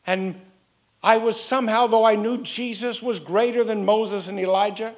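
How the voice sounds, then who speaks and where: A man preaching a sermon in an earnest way, repeating phrases and slowing down to stress key words. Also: high voice, steady tone.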